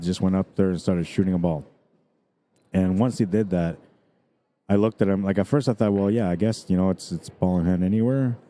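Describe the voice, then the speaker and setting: A man's voice: low voice, mellow, slight background noise. A man commentating a pool stream in a chatty, rambling way, his throat dried out from days of talking. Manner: rambling, chatty, many fillers. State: dry throat. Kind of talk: casual live commentary.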